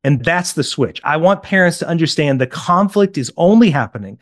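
A man with a fairly high voice, recorded dry and close, talks as a parenting coach in an interview. He tells anecdotes with animation, acts out the people in them and keeps checking in with his listener. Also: a little fast, no room sound. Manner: animated storyteller, acts out quotes, keeps asking "right?". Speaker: parenting coach, podcast guest.

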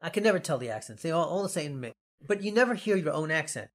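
A man's voice: fairly high pitch, big pitch swings, fast talker. A man with a Long Island New York accent hosting a casual podcast, rambling and jokey. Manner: rambling, jokey, laughs often. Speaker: podcast host.

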